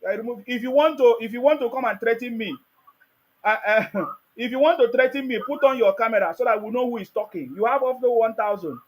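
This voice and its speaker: In a very high voice and a little fast, a Nigerian-accented man leads a heated live call-in debate on his stream. He stays combative, pushing the same demands over and over.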